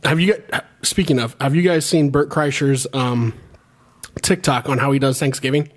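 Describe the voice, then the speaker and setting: A man's voice: medium pitch, fairly even intonation, normal speed. A man hosting a podcast in casual chat. He laughs often, swears freely and tells stories loosely. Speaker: podcast host.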